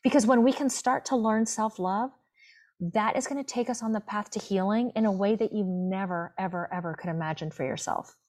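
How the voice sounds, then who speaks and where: A woman's voice: mid-range voice, a little fast, darkish tone. A woman in her fifties telling a personal story as an interview guest, heartfelt and emphatic, often restarting her words. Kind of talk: casual interview chat.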